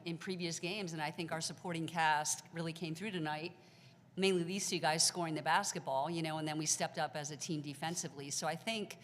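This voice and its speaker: A woman coach talks through the game in a low voice, conversational and loose. Her words carry a long hall reverb. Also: a bit bright. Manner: conversational, fills with "you know". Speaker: head coach. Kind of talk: postgame press conference remarks.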